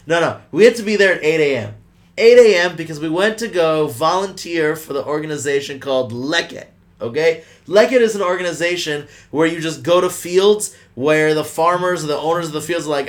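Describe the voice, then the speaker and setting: A man hosting a podcast, telling a family story in an animated, profane way and acting out the people in it. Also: a little high, fairly quick. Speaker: podcast host. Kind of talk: casual storytelling chat.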